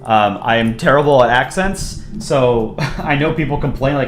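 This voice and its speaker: A man doing casual live-stream commentary as he reviews comics, relaxed and self-deprecating, often pausing with ums. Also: medium pitch, reverberant, slight background noise.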